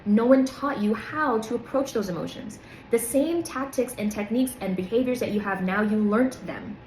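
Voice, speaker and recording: A woman's voice: fairly high pitch, normal speed, a little mellow. A woman talks straight to the viewer in a self-help video, guiding them through their emotions with earnest coaching. She repeats key words for emphasis. The room around her is reverberant, and a faint background hiss sits beneath her voice. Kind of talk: motivational self-help talk to camera. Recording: echoey room.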